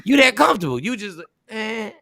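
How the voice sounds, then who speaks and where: Loud, teasing male show host. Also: high-pitched, big pitch swings, a little fast, gravelly, dry recording, clean studio sound. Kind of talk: casual morning show banter.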